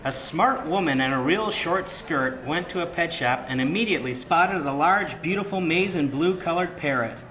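A man's voice: on the high side, expressive, moderate pace, few pauses, bright, forceful tone, poor audio. A man co-hosting a casual chat and narrating a joke, agreeable and brief. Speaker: podcast co-host and narrator.

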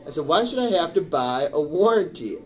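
A middle-aged man telling a story in casual chat, animated and turning indignant as he goes. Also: on the high side, a little fast. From Michigan, USA. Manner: animated, rising to indignant outbursts. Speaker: storyteller on a talk show.

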